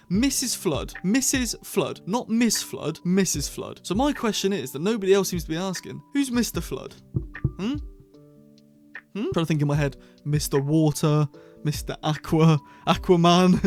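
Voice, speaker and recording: A man talking casually to camera as he reviews a TV episode, chatty and animated, often restarting and correcting himself. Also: a little high. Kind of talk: casual unscripted review vlog.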